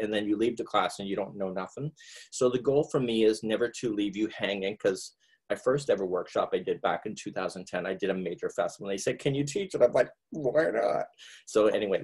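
A man's voice: a little mellow, slightly rough. A middle-aged man from Nova Scotia with a Canadian accent, hosting a live online crochet class from home in a jokey, rambling way. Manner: jokey, rambling, breaks into squeaky put-on voices.

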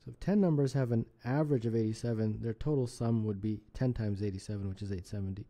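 A man working through contest math problems aloud as a tutor, casual and quick to correct his own slips. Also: on the low side, warm tone.

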